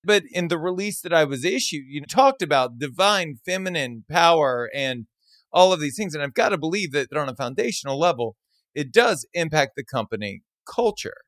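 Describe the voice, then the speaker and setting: A man's voice: a little high, expressive, normal speed, a bit bright, no echo. Careful male host, dry close sound. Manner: careful and self-questioning. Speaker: podcast host. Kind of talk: interview questions.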